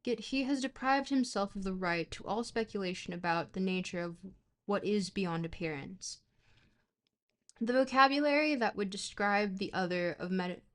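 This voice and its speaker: American woman reading a thick philosophy book on stream, mid pitch, careful, trips on big words. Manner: careful, halting reading with stumbles on hard words. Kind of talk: livestream read-aloud of dense philosophy.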